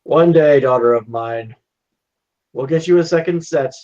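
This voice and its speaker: A man voicing a flustered, exasperated medieval father who scolds his daughter in a high, strained voice. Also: measured pace, darkish tone, lightly acted. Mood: weary. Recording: muffled lo-fi audio.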